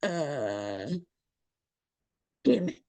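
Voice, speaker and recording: A middle-aged woman hosting a casual livestream, loud and joking, swearing freely and talking straight to her chat. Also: very deep voice, sing-song, extremely slow, creaky, no echo. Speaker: livestream host.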